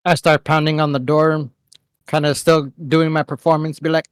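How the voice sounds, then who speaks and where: A man playing a tabletop game, talking haltingly and laughing. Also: fairly high pitch, little pitch movement, clear, resonant tone, no echo. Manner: giggly and halting. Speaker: player. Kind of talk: casual play chat.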